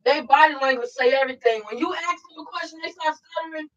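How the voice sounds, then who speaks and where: Podcast co-host, woman, high voice, blunt and emphatic, swears casually; muffled lo-fi audio. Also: quick pace. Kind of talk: casual reaction commentary.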